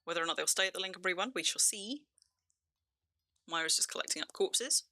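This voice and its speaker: A game streamer from England talks casually while playing, with a near-RP southern English accent. Her mid-range voice is fast and sharp, captured in a dry recording, and she laughs often and restarts sentences as she does live-stream commentary.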